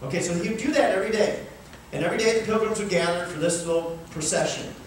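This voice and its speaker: A man preaching a sermon as pastor, animated and rising to fervent cries. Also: high-pitched, quick pace, slight background noise. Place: large church sanctuary. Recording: echoey room, miked from far off.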